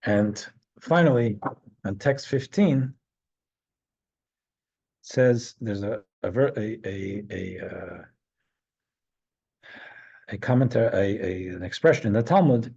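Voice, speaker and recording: A middle-aged man, a rabbi teaching an informal class, telling a heartfelt story in a halting way. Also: on the low side, gravelly, warm tone, breathy edge. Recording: dull lo-fi recording.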